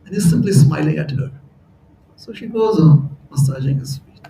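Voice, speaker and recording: A man tells a sermon story in a chatty way, often laughing at his own jokes. His voice sits high and mellow, and he speaks slowly. He sounds distant in an echoing hall. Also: lively intonation, gravelly, a little hiss or hum. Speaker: temple speaker. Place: temple hall. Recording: echoey hall, voice from far off.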